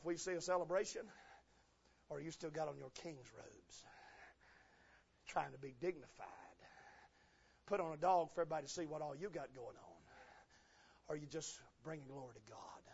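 A male pastor preaching a fervent sermon, swinging between quiet asides and loud shouts, recorded in dull lo-fi sound. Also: a little high, creaky, slightly rough.

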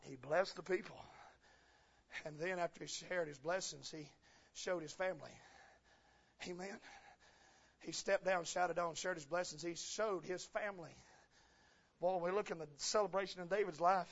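A male pastor preaches a fervent sermon, dropping to quiet asides and then rising to loud shouts. His voice is high and husky. The recording is dull and lo-fi.

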